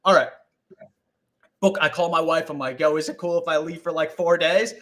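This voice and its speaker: A young man telling a rambling story as a guest on a live video call, animated and full of swearing and acted-out quotes. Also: fairly high pitch, moderate pace. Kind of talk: casual storytelling on a live stream.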